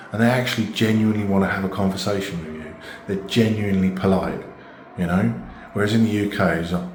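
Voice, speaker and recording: A man's voice: fairly low pitch, fast. A British man talking casually and earnestly to camera in a vlog. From Britain. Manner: chatty, earnest, repeats "genuinely". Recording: echoey room with faint noise.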